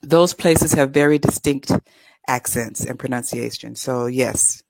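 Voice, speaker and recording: A woman's voice: a bass voice, measured pace, vocal fry, darkish tone, no room sound, rough recording. A woman from California with a Californian American accent, an English tutor chatting upbeat and easily in an interview. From California, USA. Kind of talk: casual interview.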